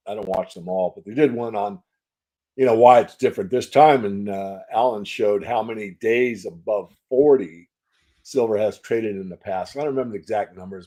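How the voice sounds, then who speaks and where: An older man answering interview questions as a market analyst, measured and folksy, repeating phrases for emphasis. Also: on the low side, dark tone. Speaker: silver market analyst guest.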